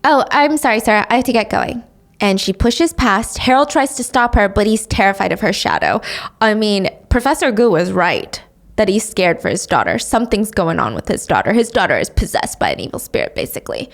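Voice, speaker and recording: A young adult woman hosting a podcast, recapping a drama plot in a chatty, expressive way with casual swearing. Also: medium pitch, brisk. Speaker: podcast host.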